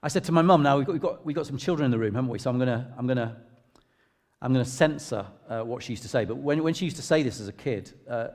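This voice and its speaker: A middle-aged English vicar sharing a personal testimony in church, in a conversational, self-deprecating storytelling way. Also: male voice, medium pitch, fast talker, darkish tone. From England. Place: church hall. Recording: long reverb of a large hall.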